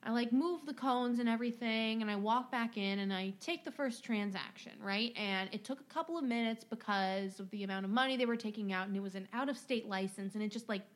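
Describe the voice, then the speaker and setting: A woman co-hosting a podcast who tells animated, casual stories, filling them with "like.". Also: fairly high pitch, fairly quick, hardly any pauses. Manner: animated, heavy use of "like". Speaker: podcast co-host and bank teller. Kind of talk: casual storytelling.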